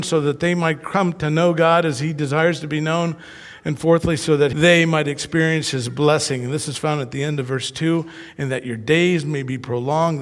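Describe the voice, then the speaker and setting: A man preaching a sermon, telling personal stories with lively acted-out voices. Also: on the high side, in a large hall. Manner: animated storyteller who acts out voices. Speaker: pastor.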